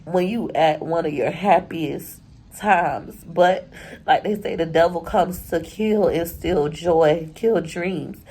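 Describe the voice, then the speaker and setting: A woman's voice: fairly low pitch, creaky, darkish tone, husky, rough recording. A young woman, crying as she talks through a personal vlog, rambling and candid. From Florida. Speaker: YouTuber.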